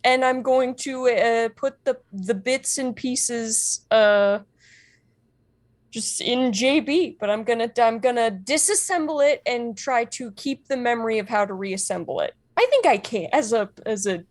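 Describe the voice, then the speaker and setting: Excitable woman playing a tabletop game. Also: on the high side, dry recording, studio quality. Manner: excitable, quick bursts with restarts. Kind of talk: casual tabletop game chat.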